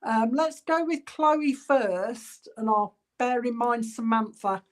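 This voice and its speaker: A woman working as a spiritualist medium in an online church service, passing on spirit messages in a halting, chatty way and addressing viewers by name. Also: on the high side. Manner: halting, relays spirit messages with many ums. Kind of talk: online church clairvoyance reading.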